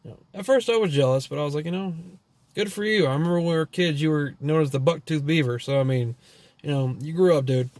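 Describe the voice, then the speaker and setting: A fast-talking man from Texas, his voice a bit high with a darkish tone, rambles through profane, loose stories in his Texan accent. The recording is dry, and his monologue is thick with fillers and trailing thoughts.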